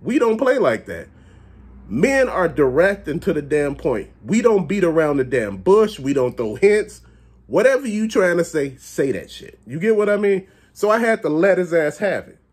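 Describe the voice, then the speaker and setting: A man from the Chicago area with a fairly high, husky voice at normal speed rants to his viewers about a bad store visit. He's animated and blunt, talking directly to them and cursing often in this casual, profane rant.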